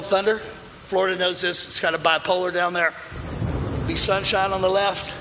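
A man preaching a sermon as pastor, emphatic and shouting, with repeated refrains. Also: high voice, a little hiss or hum. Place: large church hall. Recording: echoey hall with music and crowd.

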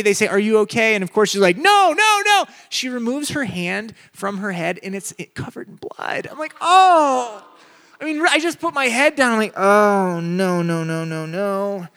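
A bright, forceful young male preacher with a slightly high voice. He tells a story with lively, expressive swings, climbing high for the comic parts and sinking low and quiet when he turns to the lesson. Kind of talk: sermon with personal story.

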